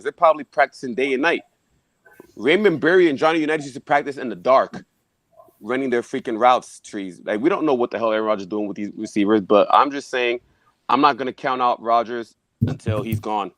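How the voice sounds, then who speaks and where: A man's voice: mid-range voice, no room sound. A man arguing football picks on a casual panel, emphatic and brash, swearing for emphasis.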